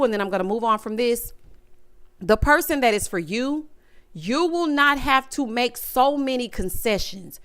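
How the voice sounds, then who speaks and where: A woman's voice: fairly high pitch, a bit bright, clear, resonant tone. A woman giving emphatic, sassy commentary on a reality dating show, talking straight to the people in it and acting out their quotes. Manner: acts out quotes in shifting voices. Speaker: recap vlogger.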